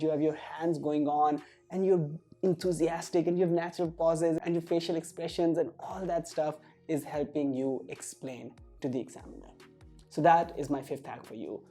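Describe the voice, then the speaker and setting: A woman's voice: low-pitched, mellow, slightly rough. A woman tutoring for a speaking exam, talking straight to the viewer and leaning hard on key words for emphasis. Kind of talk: direct-to-camera teaching.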